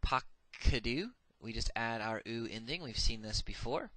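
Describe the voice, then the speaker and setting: A man's voice: mid-range voice, lively intonation, measured pace, a bit bright, no echo. A man giving a recorded grammar lecture, methodical and patient, saying each form twice with frequent "uh" fillers. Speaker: Hebrew grammar teacher.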